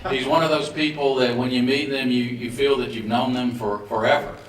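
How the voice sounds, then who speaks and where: A man from Atlanta presenting an award with a formal speech of measured praise. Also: mid-range voice, steady tone. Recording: echoey hall from far off, faint background noise.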